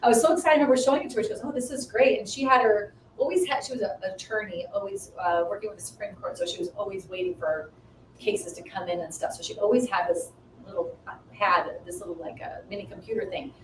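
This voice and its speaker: A woman in her fifties sharing a personal story in casual chat, animated and acting out the dialogue she quotes. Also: fast talker. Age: 50s. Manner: animated, acts out quoted dialogue with rising pitch. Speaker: guest. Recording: echoey room, mic at a distance, faint noise.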